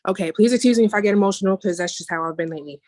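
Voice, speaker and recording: A woman's voice: mid-range voice, racing, darkish tone, no room sound. A woman on a video call sharing a personal testimony casually, rambling along with restarts and asides. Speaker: meeting member sharing a testimony.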